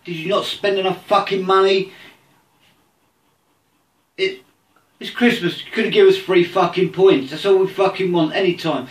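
A man's voice: high-pitched, steady tone, normal speed, pauses often, echoey room, recorded from a distance. A man ranting angrily about his football team, swearing constantly. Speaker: football fan. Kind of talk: angry rant to camera.

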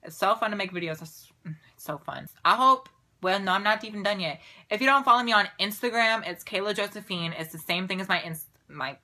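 A woman's voice: medium pitch, a little fast, bright, forceful tone. A young woman ranting in a casual vlog to her camera, sassy and exasperated, with a mocking edge. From Puerto Rico. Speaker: vlogger.

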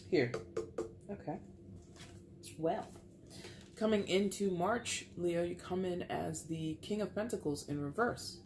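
A woman with a notably low voice gives a casual tarot reading, speaking directly to her viewers in a chatty way. She murmurs half to herself as she lays out the cards. A steady hiss of background noise runs under the recording. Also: unhurried, long pauses. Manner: chatty, talks straight to viewers, mutters while flipping cards. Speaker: tarot reader.

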